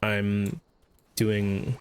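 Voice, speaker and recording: Low-voiced man chatting over gameplay. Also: level tone, extremely slow. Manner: chatty, restarts, brushes off game text. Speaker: streamer. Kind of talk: casual gameplay commentary.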